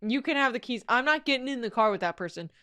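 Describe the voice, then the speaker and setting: A woman's voice: fairly high pitch, expressive, fast talker, sharp tone, clean tone. A woman streamer reacting to a comedy video with casual chat and exclaimed reactions.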